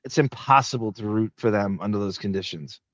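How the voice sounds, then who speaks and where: A man hosting a podcast in casual chat, sardonic and quick with asides. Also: on the low side, no room sound. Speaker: podcast host. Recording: dull dry lo-fi sound.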